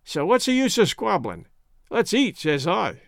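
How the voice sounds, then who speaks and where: A man voicing a rough sailor, gruff and slangy. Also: high-pitched, big pitch swings, unhurried, no echo, studio quality, full character voice. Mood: grumbling. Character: rough working-class male sailor, plainspoken.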